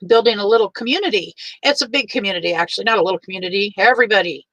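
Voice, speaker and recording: An older woman hosting a casual livestream. She greets each viewer by name in a warm, chatty way and is teary. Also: mid-range voice, very fast, no room sound, poor audio.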